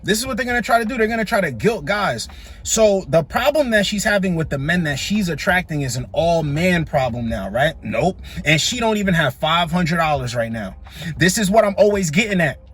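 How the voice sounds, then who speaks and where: A man's voice: sits high, big pitch swings, fairly quick, fairly bright tone, breathy edge. A man hosting a reaction channel, giving blunt, scolding commentary that keeps repeating its points.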